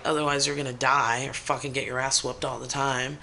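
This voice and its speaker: Gravelly, bright-voiced woman telling stories. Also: a bass voice, brisk, slight background noise. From United States. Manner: animated, profane storytelling with acted-out quotes. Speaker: radio show host. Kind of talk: casual chat. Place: radio studio.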